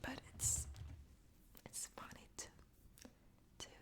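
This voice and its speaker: A woman making ASMR, talking in a soft unvoiced whisper with giggly, apologetic asides in whispered role-play. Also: slow pace. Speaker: ASMR creator.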